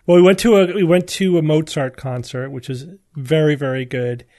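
A man's voice: on the high side, fairly even intonation, moderate pace, darkish tone. A man hosting a podcast, telling travel stories in casual chat with frequent restarts. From United States. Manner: chatty storytelling with restarts. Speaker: podcast host.

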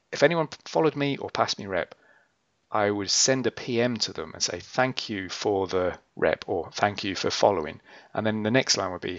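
A man's voice: deep voice, vocal fry, fairly bright tone, no room sound. A man hosting a podcast, chatting casually and rambling, acting out quotes as he explains. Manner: rambling, self-correcting, acts out quotes. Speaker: podcast host. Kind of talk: casual chat. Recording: dull, muffled sound.

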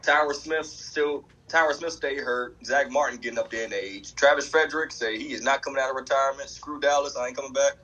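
A man co-hosting a sports podcast, talking in an animated, emphatic, trash-talking way. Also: mid-range voice, a little fast, hardly any pauses, highs cut off. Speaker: podcast co-host. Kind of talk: casual sports chat.

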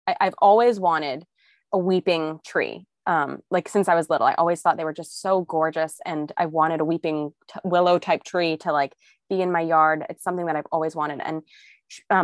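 A young woman co-hosting a podcast, speaking in a soft, hesitant way with frequent pauses in casual chat. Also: fairly low pitch, dry recording, studio quality. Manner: soft-spoken, hesitant, many ums. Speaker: podcast co-host.

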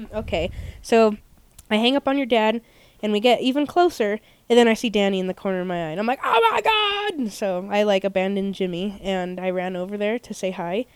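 Young woman cohost rambling through a story, lots of ums, smooth clear voice, dry close sound. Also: mid-range voice, fairly even intonation, fairly quick, darkish tone, no echo. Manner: chatty, rambling storyteller with frequent fillers. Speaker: podcast co-host. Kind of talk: casual chat.

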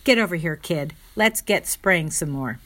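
A woman voicing a mischievous grown woman who teases and bosses people around, loud and playful, in a spoken family story. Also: lowish voice, expressive, unhurried. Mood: teasing.

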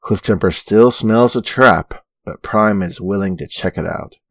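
Male co-host, steady recap delivery, low and dry. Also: unhurried, no echo. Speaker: podcast co-host. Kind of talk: reading episode recap in casual chat.

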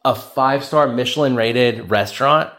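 A young male podcast host with a mid-range voice and moderate speed narrates comic stories solo. Animated and meandering, he teases himself and voices the people in his anecdotes, using an inexpensive podcast mic.

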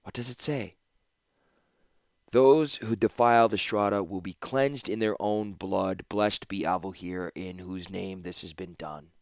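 A man's voice: sits low, steady tone, measured pace, gravelly, no room sound, studio quality. A man voicing a frantic, shell-shocked young man. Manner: loud, insistent outbursts. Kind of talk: audiobook character voice.

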